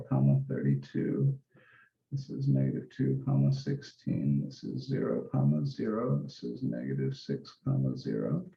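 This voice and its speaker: A man teaches math in a relaxed office-hour session, talking through each step as he works. His voice is gravelly and mellow, with a darker tone. The recording sounds roomy and slightly dull. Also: medium pitch. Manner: casual and relaxed, talks through each step, occasional mild swearing. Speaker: math instructor. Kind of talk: office-hour lesson, thinking aloud while drawing.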